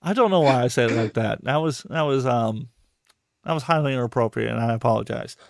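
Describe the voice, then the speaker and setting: Male podcast host, heated profane rambling delivery, crisp tone, dry sound. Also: medium pitch, brisk, no room sound. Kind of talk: casual live podcast chat.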